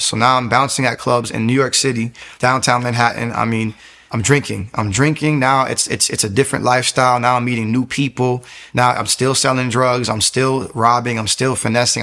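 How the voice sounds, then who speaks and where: A young man from the United States telling his personal testimony in an earnest, halting way, often restarting his sentences. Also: mid-range voice, gravelly, fairly bright tone.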